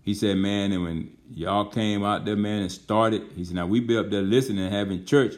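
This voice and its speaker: A man's voice: on the low side, fairly even intonation, normal speed. A middle-aged male pastor telling a story in a sermon, folksy and earnest, often dropping "man" between phrases.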